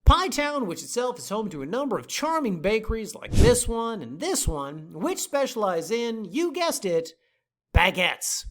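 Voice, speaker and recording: A woman narrates property listings in a scripted voice-over, full of teasing asides and punchy emphasis. Her pitch rises and falls a great deal, giving the pitch a lively, animated bounce. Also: normal speed. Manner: playful, jokey, emphatic. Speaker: land sales company host.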